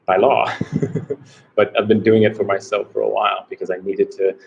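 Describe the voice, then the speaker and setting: A man's voice: lowish voice, flat delivery, normal speed, creaky, dull audio, a little hiss or hum. Rambling American man on a live stream. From United States. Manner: rambling and unsure, repeating himself. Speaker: travel vlogger doing a live Q&A. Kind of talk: casual live-stream chat. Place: small indoor room.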